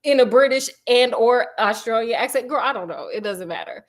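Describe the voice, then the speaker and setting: A woman's voice: on the high side, animated, fairly quick. A woman host telling a true story in a casual, sassy, chatty way, full of slang asides.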